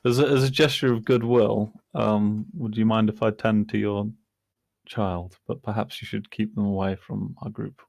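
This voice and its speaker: Male tabletop player, deliberate, gravelly and low, dry close sound. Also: flat delivery, a little mellow, no echo. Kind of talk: tabletop role-play.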